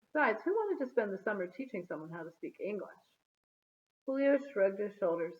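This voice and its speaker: A woman reading a children's chapter book aloud in an expressive, storytelling manner. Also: medium pitch, fairly quick. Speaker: storybook reader. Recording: phone-like narrow sound.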